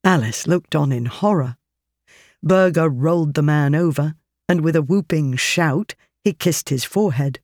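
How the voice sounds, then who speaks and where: Audiobook narrator, mid-pitched, steady, dry close recording. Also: a little slow, no echo. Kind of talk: scripted narration.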